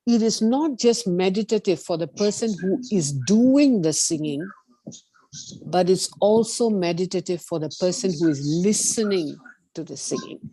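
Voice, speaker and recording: A woman leading an online meditation lesson, explaining gently and singing sustained vowel tones to demonstrate. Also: lowish voice, dry recording. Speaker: meditation teacher.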